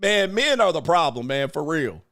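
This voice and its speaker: A man's voice: a little high, sing-song, normal speed, fairly bright tone. A male livestream host giving brash, profane, combative commentary and laughing often. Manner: frequent laughter.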